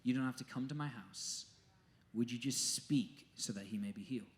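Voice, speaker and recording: A man voicing an anxious, humble Roman military officer who speaks in a low, earnest, hushed plea. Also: moderate pace, lightly acted. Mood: pleading.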